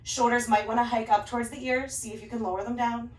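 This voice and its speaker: A woman's voice: a little high, fast talker. Woman guiding a yoga flow, roomy and distant. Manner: calm, gentle cues paced to the breath. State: a little out of breath while practicing along. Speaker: yoga instructor. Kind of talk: guided yoga class instruction.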